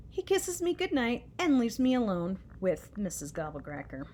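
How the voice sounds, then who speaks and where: A woman reading a children's chapter book aloud with expressive storytelling. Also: a little high, moderate pace, hardly any pauses, slight background noise. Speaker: reader.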